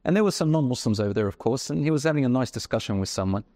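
A man hosting an interview, telling stories in a warm way with many fillers and pauses. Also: medium pitch, expressive, dry recording, clean studio sound. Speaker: host. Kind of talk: interview conversation. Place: studio in Melbourne.

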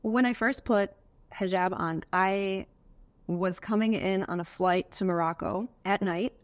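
American woman, earnest, emotional, animated testimony, interview. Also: mid-range voice, measured pace. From United States. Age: adult, has a daughter.

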